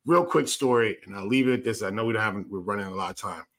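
A man's voice: on the low side, quick pace, a bit bright. A man who once played pro football, co-hosting a casual sports talk show, speaking emphatically and repeating his points. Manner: emphatic, repeats himself, tells stories.

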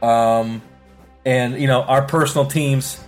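A man's voice: medium pitch, fairly even intonation, takes it slowly, faint music behind. A man co-hosting a casual sports podcast, hyping results and singing out "ding" for each correct pick. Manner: hypes announcements, sings out "ding" on picks. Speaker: podcast co-host.

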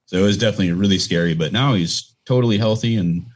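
A man's voice: low-pitched, fast. A man co-hosting a podcast, telling a family story in a plain, earnest way. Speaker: podcast co-host. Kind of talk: casual chat.

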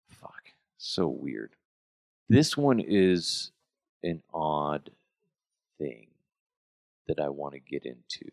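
Gravelly, profane podcast host. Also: male voice, lowish voice, sing-song, takes it slowly, long pauses, dry recording, clean studio sound. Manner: blunt, profane ranting; swings between loud outbursts and mutters. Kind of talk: casual chat.

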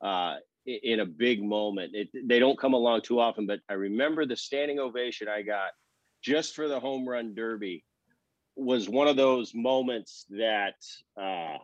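A former baseball player in his fifties tells stories as a guest in a relaxed interview, animatedly acting out the quoted dialogue. His voice is mid-range, and the recording is dry with no room sound and a slightly dull tone.

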